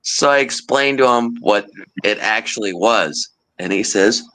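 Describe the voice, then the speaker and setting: A man in casual group conversation, telling an animated anecdote and laughing often. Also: lowish voice, normal speed, poor audio. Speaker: storyteller in a group chat. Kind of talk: casual chat.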